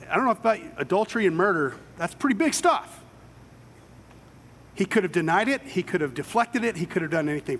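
A man's voice: a little high, vocal fry, a little hiss or hum. A man preaching a sermon, retelling scripture stories with dramatic quoted voices. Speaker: pastor. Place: church sanctuary with children present.

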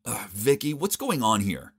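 A man's voice: fairly low pitch, big pitch swings, moderate pace, husky, heavily acted. A man doing a snarling teen rival. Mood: hostile. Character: cocky teenage boy rival, hostile.

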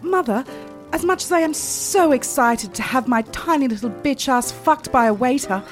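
A prim, overly formal grown daughter, played by a woman in a comic improvised sketch. Her voice sits high. Faint music plays underneath. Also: expressive, moderate pace. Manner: overly formal, repeatedly says Mother. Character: prim grown daughter asking mother questions.

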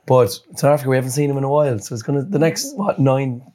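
Male co-host, quick enthusiastic chatter, middle pitch. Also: expressive. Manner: enthusiastic, laughs easily. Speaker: podcast co-host. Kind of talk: casual sports chat.

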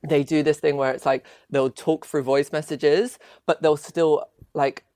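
A young man from England chatting casually as a podcast co-host, full of "like" and quick laughs. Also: on the high side, little pitch movement, darkish tone. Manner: chatty, giggly, lots of "like". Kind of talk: casual chat.

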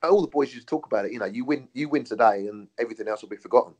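A man's voice: mid-range voice, rapid-fire, a little mellow, breathy edge. A man, a former footballer, chatting casually and telling stories with frequent laughs and swearing. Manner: swears freely, laughs often, tells stories. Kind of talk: casual chat.

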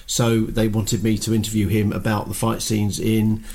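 A man's voice: fairly low pitch, completely flat delivery, normal speed, creaky, darkish tone. A middle-aged man chatting bluntly on a podcast, swearing freely and rambling through anecdotes. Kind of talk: casual chat.

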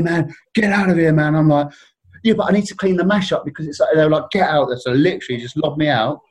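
A man telling a rambling, self-deprecating story in casual chat, laughing often. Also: medium pitch. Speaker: guest telling stories.

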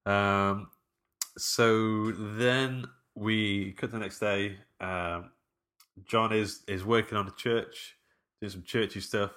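A man's voice: fairly low pitch, fairly even intonation, slow, fairly bright tone. A man in casual film podcast chat, telling the story loosely and laughing a lot. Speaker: podcast co-host.

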